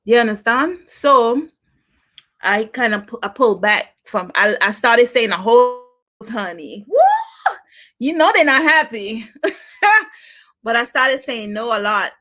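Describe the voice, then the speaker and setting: A middle-aged woman hosts a podcast, talking through a casual, chatty monologue in which she repeats herself and laughs a lot. Her voice is a little high, bright and forceful.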